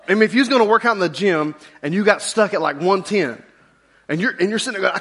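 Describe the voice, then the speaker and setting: Middle-aged male pastor, slightly high voice, chatty and informal sermon delivery. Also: brisk, breathy edge. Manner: casual, conversational preaching with lively asides.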